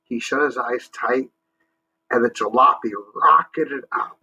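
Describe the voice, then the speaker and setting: A man's voice: mid-range voice, steady tone, unhurried, pushed and bright, breathy edge, lo-fi sound. A male teacher reading a picture book aloud to children. He stops to explain words and asks the kids to join in.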